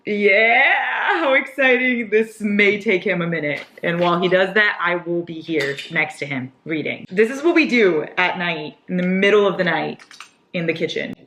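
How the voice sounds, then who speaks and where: Excitable young woman book vlogger, kinda lowish voice, says like a lot, cusses casually. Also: normal speed, slight background noise. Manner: chatty, excitable, swears casually, says "like" often. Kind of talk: casual reading vlog. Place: home kitchen at night.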